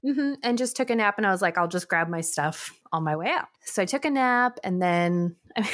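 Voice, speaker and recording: Lively, laughing woman podcast host. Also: a little fast. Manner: animated, laughs often, jumps into high quoted voices. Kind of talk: casual chat, storytelling.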